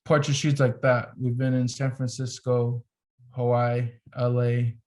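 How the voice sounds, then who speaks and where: Young man telling an animated story. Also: medium pitch, measured pace. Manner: animated storyteller, heavy use of "like". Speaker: photographer guest. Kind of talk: casual podcast storytelling.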